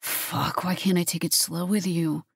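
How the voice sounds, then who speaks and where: A woman voicing a bossy, teasing young man in an audiobook, speaking low and half-whispered. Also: flat delivery, slow, vocal fry, slightly rough, no room sound, studio quality, full character voice. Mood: murmuring.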